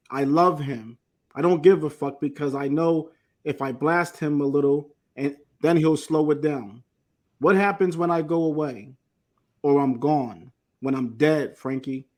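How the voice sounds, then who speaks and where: Host with a slightly high voice. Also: male voice, a little mellow. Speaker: podcast host. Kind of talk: reading transcript quotes aloud.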